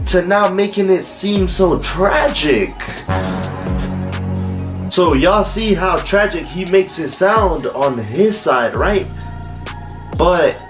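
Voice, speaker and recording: A male reaction host who talks slowly but swings his pitch widely. He keeps stopping a clip to demand answers. Faint music sits underneath his voice. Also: lively intonation. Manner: questioning, challenging, pauses the clip. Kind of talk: commentary on a played clip.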